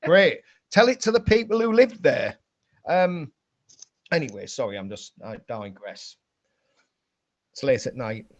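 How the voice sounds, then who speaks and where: A man's voice: medium pitch, lively intonation, unhurried, pauses often, no echo. A man talks with passion as a guest on a political panel. He swings into indignant outbursts. The audio is dull and lo-fi, with a dry, close sound. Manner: impassioned, rising to indignant outbursts.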